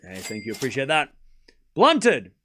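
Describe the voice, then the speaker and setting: Male stream host, casual tennis watchalong, lively pitch that jumps on big points. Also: a little slow, a little hiss or hum. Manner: chatty, jumps between calling points and thanking viewers. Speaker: livestream host.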